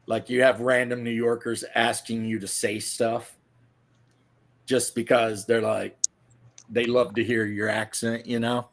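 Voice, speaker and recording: A man's voice: medium pitch, little pitch movement, unhurried. A man from the American South hosting a casual podcast chat, telling rambling, profane, joking stories. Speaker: podcast host.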